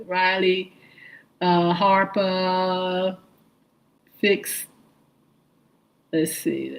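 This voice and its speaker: The voice belongs to a woman whose pitch runs fairly low and whose intonation stays fairly even; she speaks extremely slowly with frequent pauses, in a slightly bright tone, on a rough recording. As the host of a live morning radio and livestream show, she gives friendly shout-outs, naming viewers and spelling their usernames.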